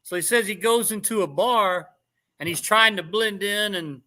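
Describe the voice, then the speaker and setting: A man's voice: high-pitched, normal speed. A middle-aged man telling stories in a casual chat, laughing often as he talks. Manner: laughs often, animated storyteller. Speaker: guest in a chat.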